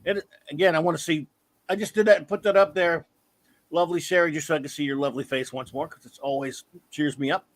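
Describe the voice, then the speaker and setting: A man hosting a casual live-stream chat, rambling and excitable, often correcting himself mid-sentence. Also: fairly high pitch, fast, no echo. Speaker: podcast host.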